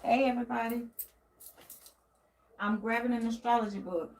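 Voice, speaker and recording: A woman runs a casual tarot livestream at home, standing near a closet, chatting loosely and welcoming her viewers by name. Her voice is on the high side, with a steady tone and normal speed.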